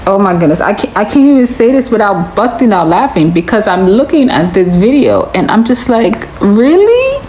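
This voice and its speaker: A woman's voice: mid-range voice, expressive, normal speed, a little mellow, a little hiss or hum, low-quality recording. A woman giving a reaction commentary, incredulous and lecturing, driving her points home by repeating them.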